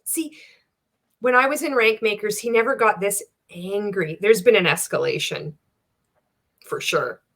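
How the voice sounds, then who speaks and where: A bright, sharp-toned woman gives casual commentary on a clip she is reacting to. She speaks bluntly, swears freely and breaks into wry laughs. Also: medium pitch, moderate pace. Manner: candid, profane, wry, laughs often. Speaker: reaction video host.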